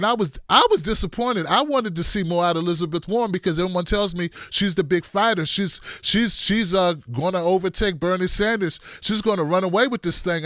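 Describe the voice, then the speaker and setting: High, bright-voiced sarcastic male commentator. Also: no echo, clean studio sound. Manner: animated, sarcastic, emphatic. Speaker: political commentator. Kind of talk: political commentary vlog.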